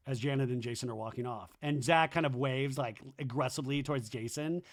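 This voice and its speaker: A man hosting a podcast, recapping a reality show in a comedic monologue and acting out the cast's lines in shrill, exaggerated voices. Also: fairly quick, hardly any pauses.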